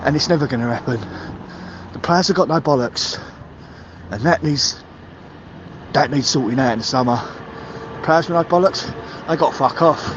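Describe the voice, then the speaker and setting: A man's voice: dull audio, noisy background. A man leaving an angry voicemail, ranting and swearing about his football club. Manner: heated, swearing, builds to shouting pitch. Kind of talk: angry football fan rant.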